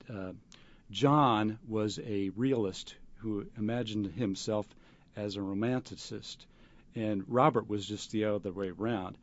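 Man, low voice, hesitant interview answers, muffled radio sound. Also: darkish tone. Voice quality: halting, many fillers and restarts. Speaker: actor interviewed as guest. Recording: dull lo-fi radio recording.

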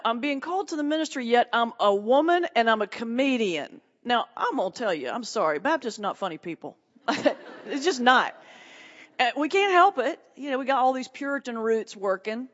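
A woman, a pastor performing a stand-up comedy set with punchy, folksy delivery and her own laughter. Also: a little high. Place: large hall before a live audience. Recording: distant echoey hall, muffled.

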